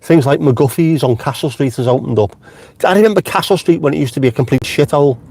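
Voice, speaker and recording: A man's voice: a little high, fast talker, darkish tone, husky, dry recording. A middle-aged man hosting a casual live stream from inside his car, chatty and jokey, swearing freely and wandering off on tangents. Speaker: vlogger host.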